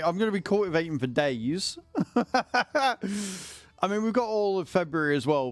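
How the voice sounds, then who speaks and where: Man streamer, fairly high voice, unhurried, joking and chatty, dry close sound. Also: sing-song, no room sound. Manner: chatty, joking, swears casually. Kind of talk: casual gameplay livestream commentary. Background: faint music.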